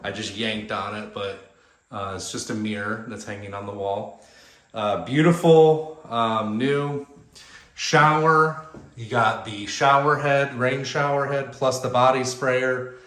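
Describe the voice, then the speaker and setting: A man's voice: mid-range voice, fairly even intonation, fairly bright tone. A man giving a casual walkthrough of a home while carrying the camera, chatty and joking, slightly out of breath from walking. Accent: Texan. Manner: chatty and jokey, points things out in quick lists. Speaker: real estate agent giving a home tour. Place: inside a house and its backyard. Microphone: handheld camera he is carrying.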